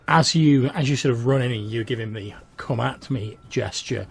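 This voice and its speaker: Gravelly game master narrating. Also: male voice, mid-range voice. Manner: descriptive, measured narration.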